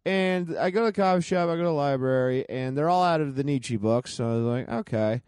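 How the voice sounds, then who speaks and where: A young man co-hosting a comedy podcast, telling stories casually in a rambling, halting way. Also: mid-range voice, darkish tone, smooth, no echo. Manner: rambling, halting, many restarts. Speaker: podcast co-host.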